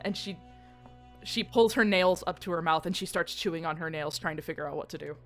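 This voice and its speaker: A woman playing a tabletop role-playing game, casually describing her character's actions and speaking her lines quietly. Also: lowish voice, fairly even intonation, fairly quick, faint music behind. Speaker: player.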